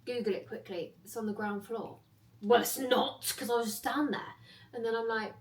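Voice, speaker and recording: A woman's voice: on the high side, fairly even intonation, normal speed, distant mic. A young woman from chatting casually to her phone camera, self-mocking and rambling as she tells stories. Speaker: vlogger. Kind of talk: casual vlog chat.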